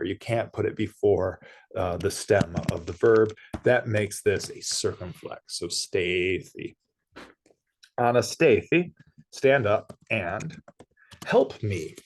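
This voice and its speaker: A man teaching a language lesson, explaining step by step with small asides and self-corrections. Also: lowish voice. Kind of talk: screen-shared language lesson.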